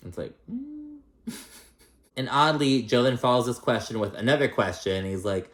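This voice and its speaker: A man's voice: mid-range voice, normal speed. A man casually recapping a reality show, swearing freely and acting out what the cast members said. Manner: profane, animated, acts out quotes. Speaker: host. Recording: echoey room.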